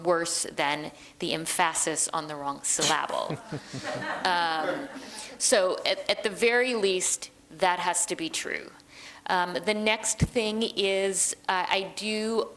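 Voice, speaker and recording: Chatty woman librettist, mid-pitched. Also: a bit bright, rough recording. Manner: thoughtful, chatty, frequent ums and restarts. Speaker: librettist and translator. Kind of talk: conversational interview.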